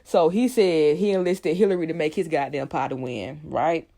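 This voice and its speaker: A woman's voice: deep voice, moderate pace, dark tone. A woman vlogger giving a casual, profanity-laced recap of a TV episode, talking animatedly with lots of fillers.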